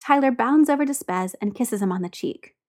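A woman narrating a story aloud in a steady, expressive reading. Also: fairly high pitch, fairly quick. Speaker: audiobook narrator.

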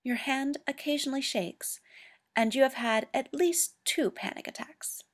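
A woman voicing a cool, aloof government man who speaks in a measured, clinical way. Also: sits high, voice pushed up, close to an everyday voice.

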